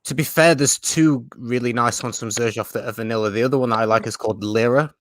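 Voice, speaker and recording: A man's voice: medium pitch, quick pace, slight background noise. A man hosting a livestream, chatting casually and laughing easily about fragrances. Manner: relaxed, self-deprecating, laughs easily. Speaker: livestream host. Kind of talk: casual chat.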